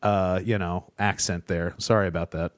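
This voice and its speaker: A man's voice: deep voice, steady tone, moderate pace, no echo, studio quality. A man from Kentucky with a Kentucky accent, hosting a podcast in a chatty, easygoing way and laughing easily. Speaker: podcast host. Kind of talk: casual podcast chat.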